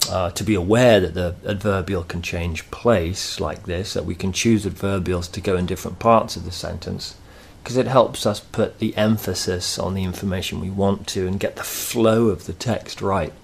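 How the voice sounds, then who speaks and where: A man teaching a grammar lesson, explaining slowly and patiently with thoughtful pauses. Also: low voice, creaky, husky.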